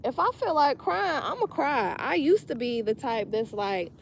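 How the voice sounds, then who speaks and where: A woman's voice: fairly high pitch, sing-song, normal speed, hardly any pauses, a little hiss or hum, low-quality recording. A woman giving a casual weekly tarot reading, blunt, profane and emphatic, repeating her points straight to the viewer. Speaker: tarot reader.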